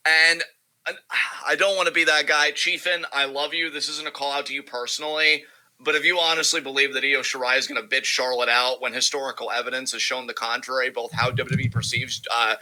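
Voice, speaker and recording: A man's voice: mid-range voice, pushed and bright, poor audio. A man co-hosting a casual wrestling podcast, talking in a profane, rambling, emphatic way. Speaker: podcast co-host.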